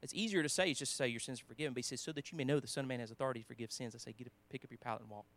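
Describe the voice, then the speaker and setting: Man, preacher, casual sermon, mid-pitched voice, loud emphatic lines and soft quiet asides. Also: racing. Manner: conversational, with frequent restarts and quoted scripture; swings between emphatic and quiet, almost whispered asides.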